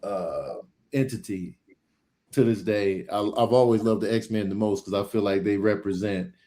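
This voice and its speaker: A man's voice: on the low side, moderate pace. A man on a casual podcast panel, telling stories with energy and acting out what people said. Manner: animated storyteller, acts out what people said.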